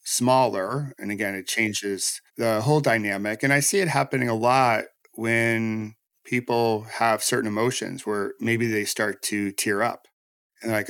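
A man's voice: on the low side, fairly even intonation, normal speed, vocal fry, a bit bright, no room sound. A man hosting a podcast interview, reflective and earnest, talking in long flowing thoughts. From United States. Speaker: podcast host. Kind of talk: conversational interview.

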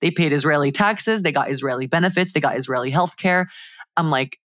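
A woman's voice: low-pitched, fairly quick, no echo. A young woman co-hosting a podcast, telling a heated story in casual chat, full of "like" fillers. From Miami. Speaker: podcast co-host.

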